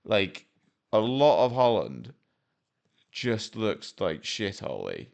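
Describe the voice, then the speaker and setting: Low gravelly man rambling jokily. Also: wildly swooping pitch, takes it slowly. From Wales. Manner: rambling, jokey, self-deprecating, with many fillers. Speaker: vlogger. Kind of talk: casual commentary over a map game.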